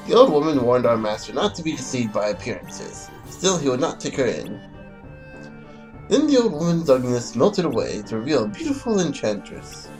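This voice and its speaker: A man hamming up a grand candelabra servant in an exaggerated mock-French accent. The delivery is theatrical and overdone, with a lively pitch. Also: normal speed, soft background music, lightly acted. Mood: storytelling. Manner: hammy, exaggerated.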